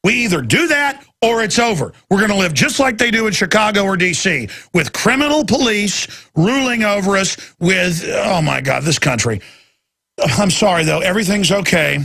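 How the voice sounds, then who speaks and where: Raspy, ranting talk radio host. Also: male voice, high-pitched, animated, moderate pace, bright, forceful tone. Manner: angry, sarcastic and emphatic.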